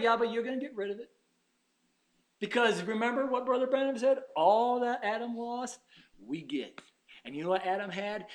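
A man preaching a sermon, shouting one moment and dropping to a hush the next, acting out short quotes of God and Satan. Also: high-pitched, normal speed. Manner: swings from shouting to hushed tones; voices God and Satan in little acted quotes.

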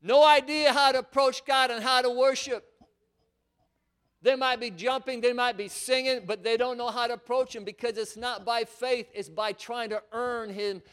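A man's voice: very high-pitched, steady tone, normal speed, fairly bright tone, smooth. A male preacher delivering a sermon, emphatic and repetitive, often calling his listeners friends.

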